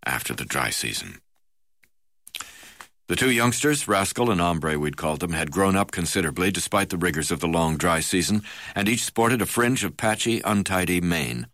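A man with a very low voice reads a memoir aloud. His delivery is measured, with an occasional hesitation. The sound is close and dry, with no room around it. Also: bright, forceful tone, no room sound. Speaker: reader.

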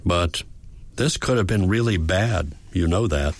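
A man voicing a calm, practical female caregiver who speaks gently but matter-of-factly. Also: sits low, a little slow. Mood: firm.

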